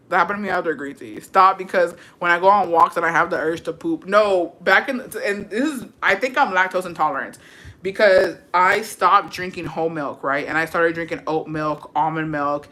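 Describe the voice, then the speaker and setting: Loud-mouthed woman telling stories on a livestream, cussing nonstop, flips between english and spanish, bright edgy voice. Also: lowish voice, brisk. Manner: brash, profane, animated storytelling. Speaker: livestreamer reading viewer comments. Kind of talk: casual chat.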